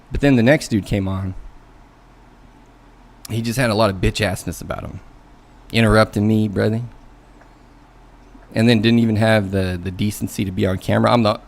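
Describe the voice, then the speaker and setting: Gravelly and on the lower side, this man's voice carries a casual rant from a coding learnalong streamer. He vents loosely about a job interview that went badly, cursing and mimicking people's voices as he quotes them.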